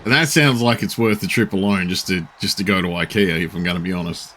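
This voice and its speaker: A man, chatting casually and rambling while streaming, swearing now and then and filling pauses with um and uh. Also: deep voice, fairly bright tone. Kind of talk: casual live-stream chat.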